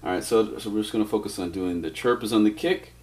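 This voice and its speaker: A deep-voiced man teaches turntable scratching in a loose, casual way, walking through each step and dropping in "all right" as he goes. Faint clicking sounds sit behind his voice. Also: fast talker, slight background noise. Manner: relaxed, explains step by step with many "all right"s. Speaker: DJ scratch instructor. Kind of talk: casual instructional demo.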